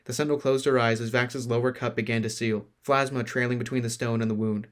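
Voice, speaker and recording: A man reading a fantasy novel aloud at a slow, even storytelling pace. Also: mid-range voice. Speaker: narrator.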